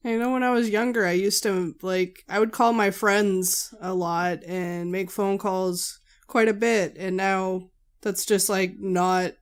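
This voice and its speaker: A woman's voice: medium pitch, fairly even intonation, measured pace, clear, resonant tone. Chatty woman telling self-mocking stories. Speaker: podcast co-host. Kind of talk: casual chat.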